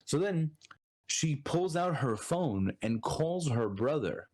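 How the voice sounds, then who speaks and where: A man's voice: a little high, big pitch swings, slow pace, a little mellow. A man from Brooklyn with a New York accent, a podcast guest in his thirties telling a story in casual conversation and acting out other people's lines. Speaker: podcast guest, Marine Corps reservist.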